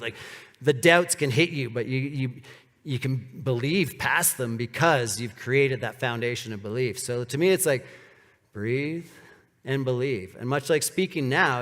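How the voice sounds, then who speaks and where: A man giving a casual, animated storytelling talk on stage, with many "like" fillers. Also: medium pitch. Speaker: speaker giving a live talk. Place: large hall with an audience. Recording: reverberant hall.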